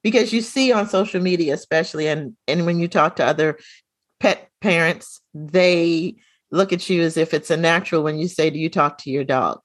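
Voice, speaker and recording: Animated middle-aged woman telling a story. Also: sits low, normal speed, no echo. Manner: animated storyteller, acts out quoted dialogue. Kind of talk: casual chat, storytelling.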